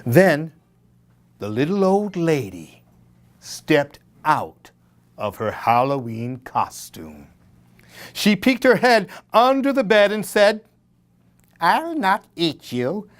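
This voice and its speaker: Reading a Halloween tale to listeners, this male children's librarian takes his time and draws out each word. His fairly high voice is very animated, climbing and dipping dramatically with every line.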